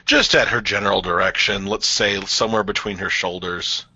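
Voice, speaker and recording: A man playing a tabletop game, talking casually and excitably, his voice jumping up when he asks things. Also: lowish voice, normal speed, breathy edge, dry recording, dull audio. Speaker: player.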